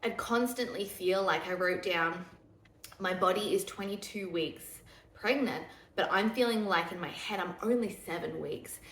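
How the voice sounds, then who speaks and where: A young woman, pregnant, chatting casually and candidly to camera, laughing easily and dropping into a hushed voice for asides. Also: lowish voice, measured pace. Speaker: vlogger. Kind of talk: casual pregnancy update chat. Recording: echoey room.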